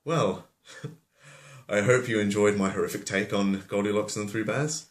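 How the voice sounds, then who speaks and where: A man's voice: fairly low pitch, normal speed. A man telling a fairy tale as a comedy, rambling with offhand asides. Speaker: storyteller. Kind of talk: comic storytelling. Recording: roomy echo.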